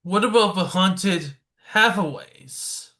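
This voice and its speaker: A man hosting a podcast, reading short prepared interview questions in a flat way. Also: high-pitched, slow. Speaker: podcast host.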